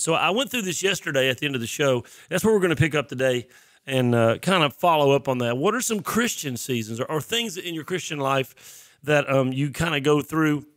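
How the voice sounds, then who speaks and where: A male host of a Christian show speaks in a chatty, self-deprecating way. His voice sits a bit high and sounds dry and close. He is congested and keeps clearing his throat. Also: fairly bright tone, dry recording. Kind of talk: casual sermon talk.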